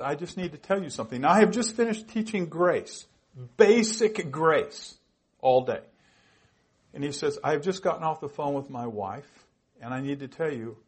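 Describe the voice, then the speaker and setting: A man's voice: on the high side, slightly rough. A man in his sixties preaching a sermon, telling personal stories with emotion, his voice catching with tears. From United States. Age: 60s. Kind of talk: sermon testimony.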